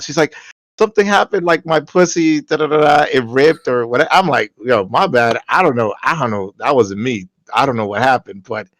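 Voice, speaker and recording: A young man casually telling stories on a podcast, animated, jumping into high voices when he quotes people. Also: no echo. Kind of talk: casual storytelling chat.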